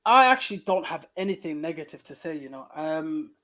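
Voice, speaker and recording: A man's voice: fairly high pitch, sing-song, brisk, bright, forceful tone. A man on a football panel chatting casually, teasing and good-humoured.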